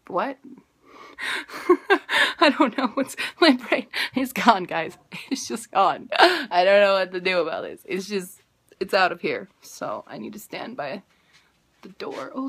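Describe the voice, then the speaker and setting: A woman's voice: medium pitch, fairly bright tone. A woman in her twenties talking casually in a video diary, bubbly, rambling and self-mocking. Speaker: vlogger.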